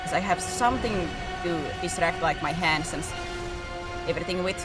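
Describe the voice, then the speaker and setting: A woman's voice: lowish voice, normal speed. A woman hosting a gaming stream, chatting casually with friends in a giggly, teasing, restless way. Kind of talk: casual chat while gaming. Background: game music.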